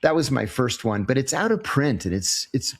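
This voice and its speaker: A man's voice: mid-range voice, moderate pace. A man in his sixties, a former intelligence officer answering interview questions in a casual, storytelling way. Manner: animated storyteller, acts out quoted exchanges.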